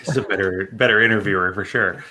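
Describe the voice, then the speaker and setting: Male guest with a lowish, bright, punchy voice. Sarcastic and chatty. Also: fairly even intonation, quick pace. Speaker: podcast guest. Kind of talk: casual chat.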